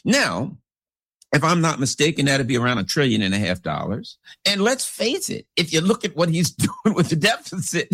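A man's voice: on the high side, expressive, moderate pace, fairly bright tone, slightly rough, no echo, clean studio sound. A man delivering a rambling, sarcastic political commentary monologue as host.

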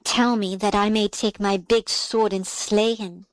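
A huge, gentle old giant from a storybook speaks with quiet remorse, as a woman reading aloud puts him on. His voice sits a little lower and softer than plain narration. It is recorded dry and close, with no room around it. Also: steady tone, measured pace, no room sound, close to an everyday voice, poor audio.

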